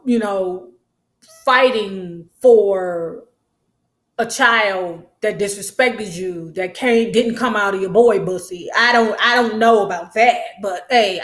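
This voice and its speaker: A woman giving a sassy, slangy, animated recap of a TV episode. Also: medium pitch. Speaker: show recap host. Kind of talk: casual recap commentary. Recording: echoey room.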